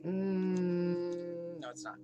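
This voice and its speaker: A man's voice: sits high, drawn-out words, highs cut off, loud music behind the voice. A man co-hosting a casual podcast chat, rambling and laughing as he loses his place. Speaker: podcast co-host. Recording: noisy room ambience.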